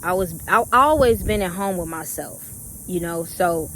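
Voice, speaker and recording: A young adult woman casually telling a personal story to her viewers, acting out her own past reactions in a conversational, drawn-out way. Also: lowish voice, a bit bright, a little hiss or hum. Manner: conversational, drawn-out speech with fillers. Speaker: vlogger.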